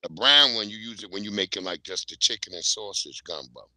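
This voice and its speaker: A man hosts a relaxed livestream, joking and cussing freely as he swaps stories. His voice is very bright, and the room around him sounds dry and close. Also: on the low side, fairly quick, no echo. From Virginia. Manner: loose, joking, profane banter. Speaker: livestream host. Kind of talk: casual livestream chat.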